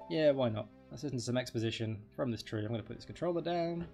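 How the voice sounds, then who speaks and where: Gravelly, chatty male game streamer. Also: mid-range voice, quick pace, hardly any pauses, darkish tone, faint music behind. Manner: chatty, rambling, joking with chat. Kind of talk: live game stream commentary.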